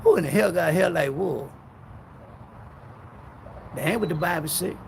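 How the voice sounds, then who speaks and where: A man preaching a sermon in a loud, fiery way, swinging between shouting and low muttering. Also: measured pace, gravelly, a little hiss or hum, poor audio. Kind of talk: street-style sermon.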